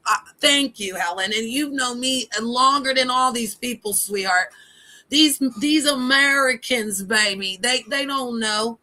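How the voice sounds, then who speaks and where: Bright-voiced, blunt woman livestreamer. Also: fairly high pitch, moderate pace. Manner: blunt, profane and defiant. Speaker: livestream host. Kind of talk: livestream rant.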